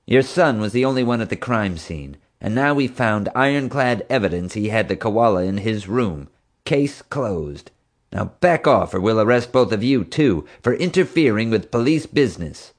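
A man reading an audiobook, voicing a sneering, scheming woman officer with a slow, taunting delivery. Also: on the low side, big pitch swings.

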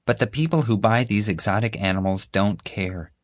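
A man's voice: on the low side, moderate pace, dry recording, pitched above the performer's own voice, natural voice. A man voicing an earnest, lecturing boy who explains things grimly for an audiobook. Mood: earnest explaining. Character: boy, excitable animal-trafficking know-it-all.

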